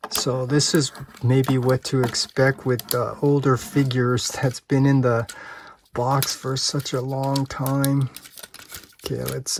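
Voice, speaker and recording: A man reviewing a toy hands-on, thinking aloud in an unhurried, hesitant way and chuckling often. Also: medium pitch, creaky. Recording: steady background noise.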